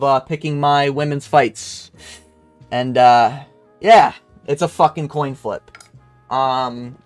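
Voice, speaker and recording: A young Canadian man, an MMA commentator, rants casually and bluntly about fight results, crude, profane, and rambling with lots of fillers. His voice is a little high, and the recording is dry.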